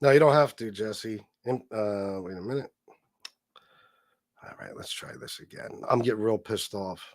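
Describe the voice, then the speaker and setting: A man hosting a live stream, reading the chat aloud and giving shout-outs, swearing heavily in a combative, angry way. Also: fairly low pitch, moderate pace, no echo, studio quality. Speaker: livestream host reading chat.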